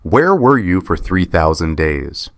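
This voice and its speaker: A man voicing a stern female family court judge in a narrated story, steady and measured. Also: low voice, no echo, clean studio sound, exaggerated voice.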